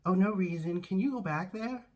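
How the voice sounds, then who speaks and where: A man's voice: sits high, normal speed, a little mellow, pitched above the performer's own voice, natural voice. A man voicing an insistent woman from a game show, making pushy requests over the phone.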